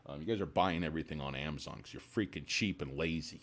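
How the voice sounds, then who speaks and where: A man's voice: a bass voice, fast, few pauses. A man hosting a casual livestream, brash and joking as he rambles. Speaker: livestream host.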